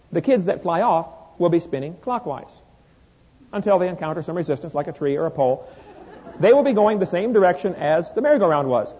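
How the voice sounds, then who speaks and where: A man giving an animated, joking talk to an audience and quoting both sides of a conversation. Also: sits high, slightly rough. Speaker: guest speaker. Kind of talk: humorous storytelling talk to an audience. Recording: dull, lo-fi recording with long hall reverb.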